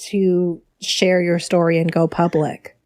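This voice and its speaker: A woman hosting a podcast, asking gentle, attentive interview questions. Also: fairly low pitch, level tone, measured pace, no echo. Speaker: podcast host.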